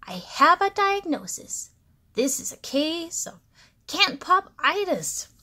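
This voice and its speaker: A woman's voice: very high voice, big pitch swings, slow, sharp tone, voice pushed up, exaggerated voice. A woman voicing a kind, cheerful young girl who doctors toys, in a storybook reading. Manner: upbeat, reassuring.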